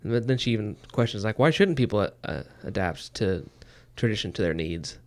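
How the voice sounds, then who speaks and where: A man's voice: fairly low pitch, animated, brisk. A man co-hosting a book podcast, talking in a rambling way with many fillers and restarts. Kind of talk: casual chat.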